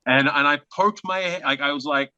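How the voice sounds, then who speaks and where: A man with an Australian accent, a guest actor telling an animated, self-mocking anecdote in conversation. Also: a little high, a little fast, smooth, no room sound, lo-fi sound.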